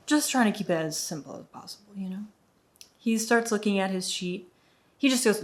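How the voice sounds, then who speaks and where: A young woman telling a storytime vlog in an animated, indignant way, acting out the dialogue as she goes. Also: medium pitch, brisk. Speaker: vlogger.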